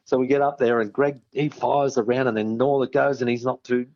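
A man's voice: mid-range voice, fairly even intonation, brisk, darkish tone, muffled recording. An Australian man, a podcast guest, telling a story and acting out the voices of the people in it. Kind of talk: storytelling anecdote.

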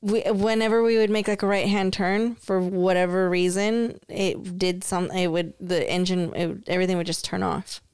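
Smooth-voiced woman, dry close sound. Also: on the low side, fairly even intonation, moderate pace, few pauses, darkish tone, dry recording. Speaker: podcast co-host. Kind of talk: casual chat.

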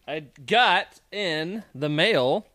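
A man's voice: a little high, expressive, very slow, bright, forceful tone, no echo, studio quality. A man co-hosting a podcast, chatting casually, telling stories and laughing often. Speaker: podcast co-host. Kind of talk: casual chat.

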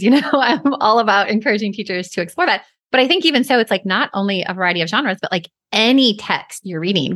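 A woman's voice: on the low side, a bit bright. A woman hosting a podcast, asking enthusiastic, rambling questions. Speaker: podcast host. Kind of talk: casual conversational interview.

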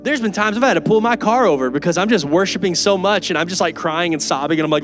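A pastor preaching an earnest, emphatic and conversational sermon in a church. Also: male voice, high voice, very animated, fast, few pauses, a bit bright, soft background music. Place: church sanctuary.

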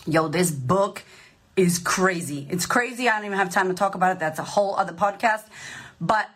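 A woman life coach giving a casual motivational monologue, emphatic and profane, with animated delivery. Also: medium pitch, fairly quick.

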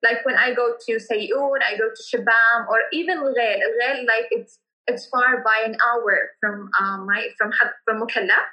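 A woman's voice: fairly high pitch, steady tone, normal speed, sharp tone, rough recording. A young woman from Yemen speaking English with a Yemeni Arabic accent, answering interview questions with many fillers and restarts. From Yemen, Hadramaut. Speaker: interviewee, cultural entrepreneur.

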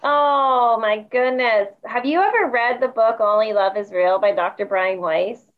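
Woman podcast host, casual interview chat, enthusiastic, somewhat high voice, dull lo-fi audio. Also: measured pace. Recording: dull lo-fi sound.

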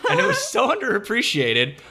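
A man hosts a casual podcast chat, his voice swinging widely in pitch. He rambles animatedly, full of fillers and restarts. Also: wildly swooping pitch, a little fast, pushed and bright, slightly rough. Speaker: podcast host.

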